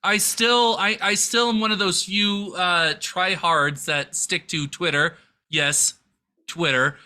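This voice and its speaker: A man co-hosting a casual comedy podcast, giggly and animated, rambling loosely with lots of fillers. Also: high voice, takes it slowly. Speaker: podcast co-host.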